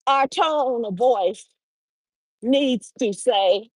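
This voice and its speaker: A woman's voice: on the high side, very slow, slightly rough, no room sound, rough recording. A woman hosting a live motivational talk while out on a walk, acting out little everyday dialogues as she speaks. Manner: animated, acts out little dialogues. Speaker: livestream host. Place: outdoors on a walk.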